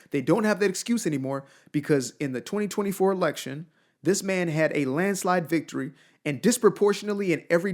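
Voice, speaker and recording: A man with a somewhat high-pitched voice delivers a passionate solo commentary. He talks colloquially, punching words for emphasis and firing off rhetorical questions. He grew up outside the United States. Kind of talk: solo opinion rant to camera.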